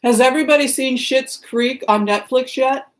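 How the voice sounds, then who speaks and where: A woman's voice: high voice, moderate pace, rough recording. Chatty middle-aged woman hosting a livestream. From Seattle area, Washington. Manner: chatty, rambling, greets viewers by name. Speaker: livestream host. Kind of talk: casual chat with live viewers.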